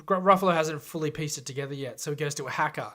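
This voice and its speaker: Bright-voiced excitable young man. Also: fairly high pitch, racing. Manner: excitable, chips in ideas, acts out lines. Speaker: podcast co-host. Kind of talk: casual comedic chat, brainstorming.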